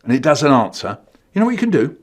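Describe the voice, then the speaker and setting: A comic storyteller spins funny stories for children in a fairly high voice, talking fast. His pitch bounces up and down, and his playful, animated delivery breaks into loud, silly shouts.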